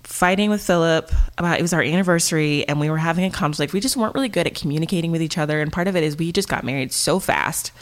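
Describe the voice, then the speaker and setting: Low-voiced woman telling a lively story. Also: quick pace, hardly any pauses. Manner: animated storytelling, acts out quoted lines. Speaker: podcast co-host. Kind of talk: casual chat.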